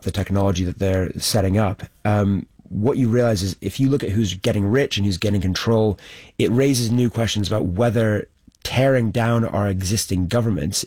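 A man with a lowish voice talks through his documentary reporting. He speaks in a measured, explanatory way and uses occasional fillers, like a journalist answering questions on a panel. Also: a little mellow.

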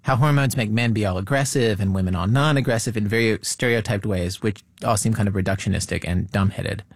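A man's voice: lowish voice, fairly quick, no echo. A man hosting a radio show, narrating its opening in a conversational, wry way. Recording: music bed underneath.

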